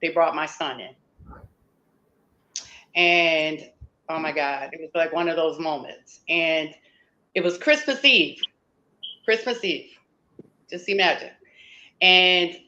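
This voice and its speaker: A woman's voice: lowish voice, slow, long pauses, pushed and bright, muffled recording. A woman interview guest telling a personal story emphatically, acting out what people said to her. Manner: emphatic, acts out quoted dialogue.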